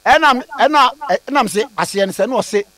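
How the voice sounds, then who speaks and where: A man with a Ghanaian accent hosting a radio phone-in, pressing his caller with quick questions. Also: very high-pitched, lively intonation, sharp tone. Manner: probing, quick interjections. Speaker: radio host.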